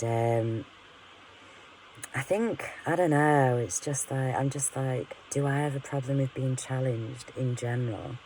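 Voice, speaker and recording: A woman's voice: very deep voice, a little slow, mellow, slight background noise, low-quality recording. A woman venting in a candid, rambling monologue to her camera, frank and full of swearing, often laughing at herself. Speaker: vlogger.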